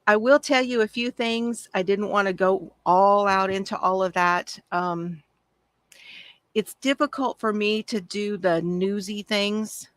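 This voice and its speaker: A woman's voice: medium pitch, a little slow, a bit bright, dry recording. A woman hosting a casual crafting livestream, chatty and gushing as she answers viewer comments from home.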